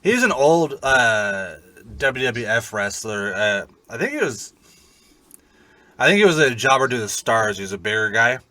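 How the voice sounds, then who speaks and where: A man co-hosting a podcast, chatting casually and telling animated, profane stories. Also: medium pitch, moderate pace, no room sound. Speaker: podcast co-host. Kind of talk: casual chat.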